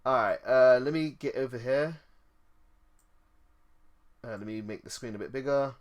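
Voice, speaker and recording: Excitable man streaming a card game. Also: medium pitch, moderate pace. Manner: excitable, reads card text aloud. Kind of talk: casual live-stream commentary.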